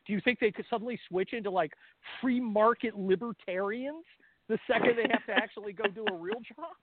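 A middle-aged Californian appears as a guest commentator on a talk radio show, speaking bluntly, combatively and sarcastically. His voice is high-pitched and fairly quick, heard over a dry, tinny phone line.

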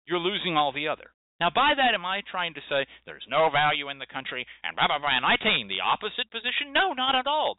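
A male host delivers an emphatic lecture and drives his points home with repetition. His voice sits a little high. The sound is narrow and tinny, like a phone line, and completely dry. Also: no room sound. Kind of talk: lecture-style monologue.

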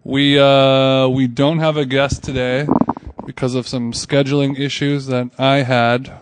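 A man's voice: medium pitch, flat delivery, unhurried, background noise. A man hosting a casual food podcast, rambling and laughing often as he talks. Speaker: podcast host. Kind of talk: casual chat.

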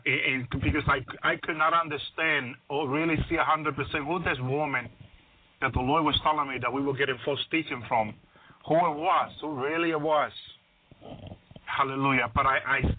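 A man preaching a testimony on a radio ministry program. He restarts his sentences often and says "hallelujah" after almost every phrase. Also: medium pitch. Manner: repeats "hallelujah" constantly, stammering restarts; grows louder and more excited. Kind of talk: testimony sermon. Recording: dry, phone-like radio broadcast line.

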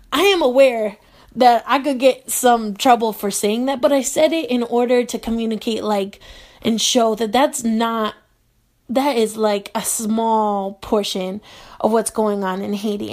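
A woman's voice: a little high, a little mellow. A woman hosting a radio show, giving a chatty, rambling introduction full of fillers and self-conscious asides.

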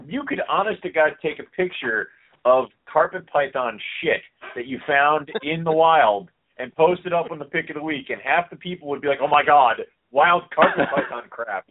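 A man co-hosting a podcast, chatting casually in a joking, excitable way, often acting out what others would say. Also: fairly high pitch, normal speed. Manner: joking, excitable, quotes others in animated voices. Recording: tinny phone-like call audio.

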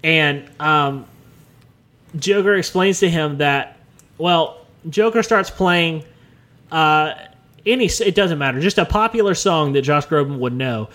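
Laid-back young man pitching a bit. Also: unhurried, fairly bright tone. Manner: casual, chuckling, hesitant with ums. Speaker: podcast co-host. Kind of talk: improvised comedy pitching.

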